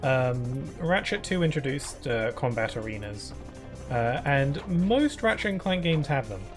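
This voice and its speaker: A man's voice: fairly high pitch, lively intonation, a little slow. Rambling young man streaming a game. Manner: rambling, easygoing, many fillers. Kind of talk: casual gameplay commentary. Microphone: desk microphone. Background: game music.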